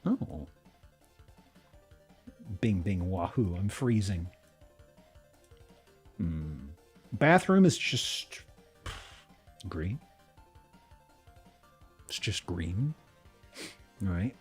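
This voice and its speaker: Male streamer, unhurried and excitable, giggles a lot, very expressive pitch. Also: breathy edge, soft background music. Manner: giggly and excitable, breaks into laughs and restarts. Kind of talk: casual live-stream commentary.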